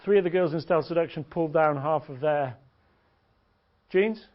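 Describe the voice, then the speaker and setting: A man teaching a dating seminar in an animated, joking way, swearing and laughing often. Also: on the high side, normal speed. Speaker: dating coach. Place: seminar room. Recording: dull lo-fi recording.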